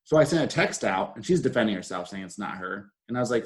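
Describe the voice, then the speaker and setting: A man's voice: on the low side, animated, quick pace, few pauses. A young man hosting a podcast, telling a candid story in casual chat. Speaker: host.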